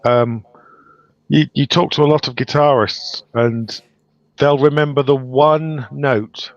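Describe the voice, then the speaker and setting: Male guest, dry lo-fi audio, measured delivery. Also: mid-range voice, steady tone, no echo. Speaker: guest, book author and festival organiser. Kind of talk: casual interview chat. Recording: dry, dull lo-fi sound.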